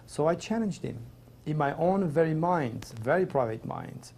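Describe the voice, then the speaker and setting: A man's voice: fairly high pitch, lively intonation, normal speed, gravelly, darkish tone, slight background noise. A middle-aged man with a French accent, a native French speaker, tells a personal story as an interview guest in an earnest, rambling, emotional way. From Provence, France.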